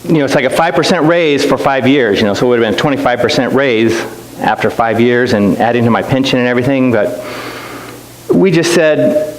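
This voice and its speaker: A man's voice: medium pitch, animated, fairly quick. A middle-aged man speaking as a guest missionary, telling stories to a church in a chatty, self-deprecating way with lots of restarts. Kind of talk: storytelling church talk. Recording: echoey church hall with faint hiss.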